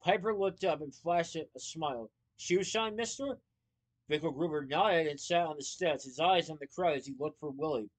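A man reading a children's novel aloud, lively, with small slips and playful asides. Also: a little high, brisk, hardly any pauses. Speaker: storyteller.

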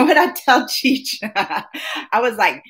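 A high-pitched woman chatting live with her viewers from home. She talks in an excitable, rambling way, laughing often and answering her chat. Her voice bounces up and down a lot. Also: slow. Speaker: livestream host. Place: at home, just woken up.

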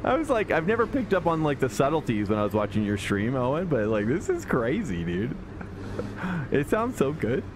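A man's voice: medium pitch, big pitch swings, normal speed, background noise. A man streaming sim racing, chatting casually and thinking aloud as he talks to his viewers.

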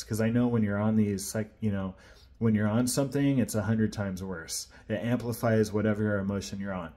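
A man's voice: on the low side, steady tone, moderate pace, mellow. A man sharing an earnest personal faith testimony, retelling events in a casual, rambling way.

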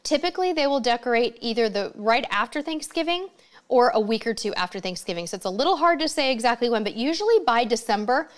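A woman hosting a casual live-stream Q&A from home, reading out viewer comments and answering them with chatty enthusiasm. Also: on the high side. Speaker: livestream host answering viewer questions.

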